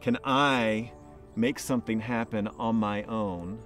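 A man's voice: on the low side, fairly even intonation, slow pace, fairly bright tone, faint music behind. A man preaching a sermon as pastor, telling stories and building emphasis by repeating phrases.

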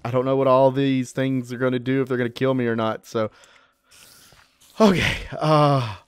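A man's voice: mid-range voice, fairly even intonation, moderate pace, smooth. A man giving casual, chatty commentary while playing a video game, often yelping when startled. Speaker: let's play gamer.

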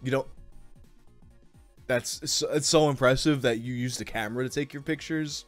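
Guy streaming from his room, loud crude jokes, mid-pitch voice, faint music going. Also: fairly even intonation, moderate pace, long pauses, no room sound. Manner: loud, crude, mocking, bursts of laughter. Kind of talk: casual profane live-stream commentary.

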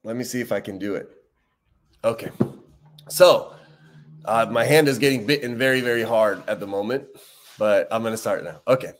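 A man hosting a recovery livestream in a relaxed, conversational way. He often repeats his key points for emphasis and slows down on important lines. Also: medium pitch. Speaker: recovery talk host. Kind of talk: casual livestream talk.

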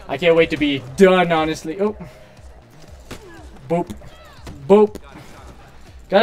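A man doing casual, excitable gameplay commentary, swearing and shouting at his character while saying he is hungry and tired. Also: high-pitched. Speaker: gaming streamer.

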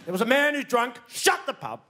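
A man's voice: very high-pitched, sing-song, fairly quick, noisy background. An Australian man doing a stand-up comedy set, ranting and exasperated and swearing freely, with audience laughter behind him. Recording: live stage mic, loud laughing crowd.

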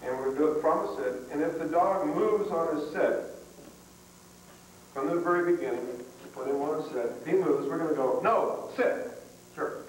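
A man's voice: on the high side, brisk, a little hiss or hum. A man leading a dog training seminar, talking in a plain, folksy way with frequent restarts. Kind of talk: live seminar talk. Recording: echoey hall, far from mic, 1990s tape.

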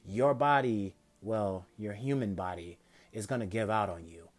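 A man voicing a calm, self-assured eight-year-old demon boy in a quiet, measured way. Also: natural voice. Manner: calm, low, measured delivery.

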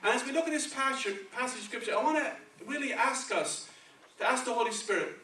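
Man preaching, spanish accent, high bright voice, chatty, echoey church sound from afar. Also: brisk, few pauses, distant mic, slight background noise. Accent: Spanish-accented English. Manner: conversational, checks in with "okay" and "right". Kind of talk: sermon. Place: church sanctuary.

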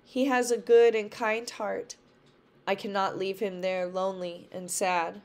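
A woman's voice: medium pitch, little pitch movement, measured pace, lightly acted. A woman reading aloud as a kind, brave young woman in a storybook. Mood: earnest.

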